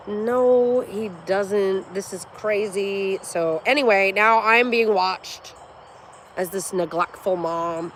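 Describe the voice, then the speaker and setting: A woman's voice: medium pitch, drawn-out words, pauses often, slight background noise. A woman in her forties, chatting casually on a livestream, blunt and profane, telling stories with animation. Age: 40s. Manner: animated storyteller. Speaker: livestream host.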